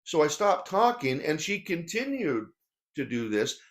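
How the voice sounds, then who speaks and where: A man giving a seminar talk on workplace conflict, telling stories with animated, shifting delivery. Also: fairly high pitch, a little slow. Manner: animated storytelling, pace shifting often.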